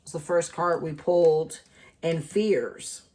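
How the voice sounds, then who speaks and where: A woman's voice: sits low, steady tone, takes it slowly, darkish tone. A woman doing a casual tarot reading for her channel, chatty and thinking aloud with lots of fillers. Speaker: tarot reader.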